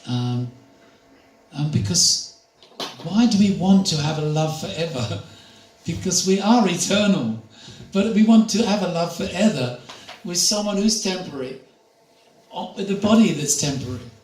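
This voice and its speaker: An older man gives a spiritual talk, telling stories in a chatty way and laughing along. His voice sits a little high. He sounds distant from the mic in an echoey room, with faint background noise. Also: normal speed. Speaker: spiritual speaker.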